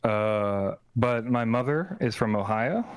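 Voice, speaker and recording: A man's voice: medium pitch, animated, clean tone, no echo. A man from Alabama co-hosting a livestream, speaking casually and hesitantly with many fillers. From Alabama, US South. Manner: hesitant, filler-heavy, unhurried. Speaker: co-host. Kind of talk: casual chat.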